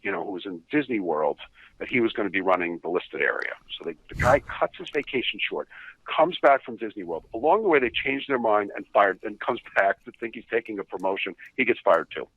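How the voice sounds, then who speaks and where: A man, a podcast guest, telling animated, profane stories with laughing asides, in a dull lo-fi recording. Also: fairly low pitch, brisk, husky, no room sound. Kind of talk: casual storytelling.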